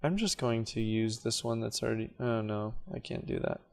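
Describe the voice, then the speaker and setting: A man with a fairly low voice and vocal fry, speaking at normal speed, casually records his screen while teaching video editing. He stays relaxed, comments on his clicks, and occasionally backtracks to correct himself.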